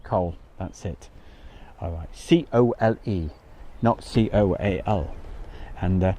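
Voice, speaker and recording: A man's voice: fairly low pitch, unhurried, long pauses, a little mellow. A man hosting a casual livestream outdoors by an airfield, chatting, reading out viewer comments and laughing easily. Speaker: livestream host.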